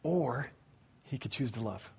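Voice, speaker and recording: A man preaching, telling a story and speaking straight to the congregation in an animated way. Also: medium pitch, measured pace, vocal fry, husky. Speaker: pastor. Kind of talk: sermon storytelling.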